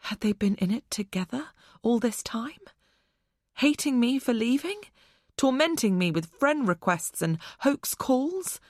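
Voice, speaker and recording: A woman narrating a suspense audiobook in the first person with tense, measured delivery. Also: medium pitch, dry recording, clean studio sound.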